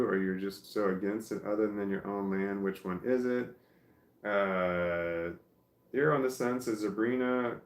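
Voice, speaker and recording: A man's voice: on the low side, echoey room. A man hosting a livestream, reading viewer comments aloud and swearing a lot as he answers them. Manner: swears a lot, flares into angry ranting. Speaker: livestream host reading chat. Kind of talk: casual livestream chat.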